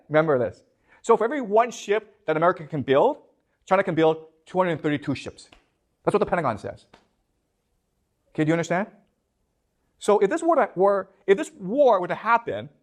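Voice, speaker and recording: A man giving a classroom lecture, posing questions to his students and checking in with them again and again. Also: high-pitched. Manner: keeps checking in with "okay? you understand?".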